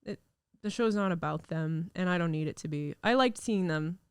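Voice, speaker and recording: Speaking at normal speed, a podcast host talks in a lowish, clear, resonant voice with no room sound. The young woman, who is getting over an illness, rambles through a casual solo chat in a studio, heavy on fillers.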